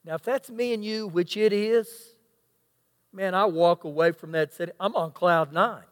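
Preacher, male, unusually high pitch, emphatic sermon delivery in a reverberant church. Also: moderate pace. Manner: preaching, reading scripture aloud with emphatic asides. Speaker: pastor. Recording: long hall reverb.

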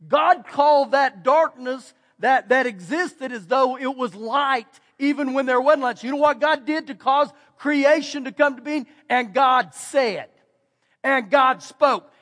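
Texan pastor, male, very high pitched, preaching to a congregation, long hall echo on the recording. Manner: preaching with emphatic repetition and shifts between loud and quiet. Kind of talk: sermon. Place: church sanctuary. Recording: church hall with long reverb.

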